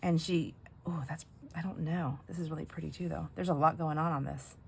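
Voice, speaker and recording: Her deep voice is brisk, with vocal fry and fairly even intonation, and a slight hiss or hum sits under it. She's a middle-aged crafting host who works while telling funny family stories in a rambling, casual way, often laughing and imitating people.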